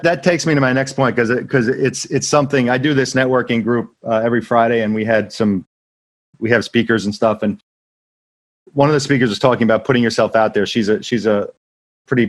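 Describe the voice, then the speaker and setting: A man's voice: mid-range voice, fairly even intonation, fairly quick, dry recording. A man hosting a casual interview, talking in an easygoing way with frequent restarts. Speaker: podcast host.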